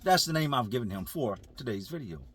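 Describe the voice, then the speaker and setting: A man's voice: medium pitch, sing-song, a little fast, a bit bright, husky. A man telling a prison story casually to viewers, using street slang and speaking to them directly.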